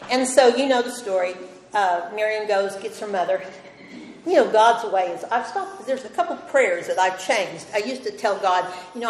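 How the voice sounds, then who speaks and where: A woman's voice: medium pitch, animated, brisk. An older woman leads a women's Bible study, telling the story casually and slipping into the voices of the people she quotes. Her voice rings through a large, echoing hall with long reverb. A faint background hum sits under her speech. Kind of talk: informal Bible teaching. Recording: echoey hall, faint ambience.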